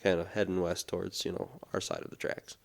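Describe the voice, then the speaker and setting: A man's voice: deep voice, level tone, quick pace, creaky. A man co-hosting a podcast, telling a story in casual chat and laughing at his own tale. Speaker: podcast co-host.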